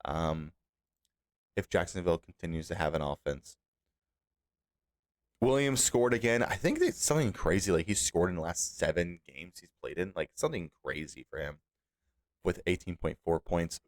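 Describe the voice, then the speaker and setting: A young man with a fairly low voice hosts a solo fantasy football recap podcast, speaking at a moderate pace with frequent pauses. He grows animated and exasperated while scolding the team managers over their lineups.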